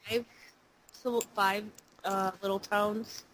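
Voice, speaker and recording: Sick woman with a breathy voice. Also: medium pitch, little pitch movement, slow pace, a bit bright, slight background noise, poor audio. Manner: laid-back, laughs easily, brief answers. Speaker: podcast co-host. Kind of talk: casual chat.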